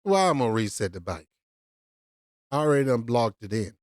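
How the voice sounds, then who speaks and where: Animated mocking woman commentator. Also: a bass voice, a little fast, no echo. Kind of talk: reaction commentary.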